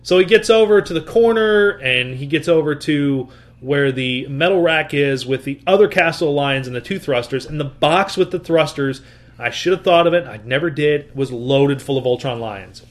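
A man's voice: fairly high pitch, normal speed. A man telling a story in casual chat, acting out what people said and swearing freely. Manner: animated, swears, acts out quotes.

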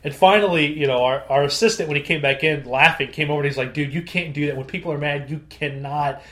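A man in his thirties co-hosting a podcast, telling stories in a casual, animated and profane way, acting out quotes loudly. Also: fairly high pitch, fast talker. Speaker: podcast co-host. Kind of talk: casual storytelling chat.

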